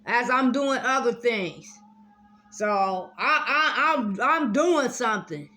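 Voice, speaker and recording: A woman's voice: fairly high pitch, lively intonation, takes it slowly, pushed and bright. A woman reading Bible verses aloud, repeating them and adding earnest, encouraging personal remarks in a casual video. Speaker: Bible study video host.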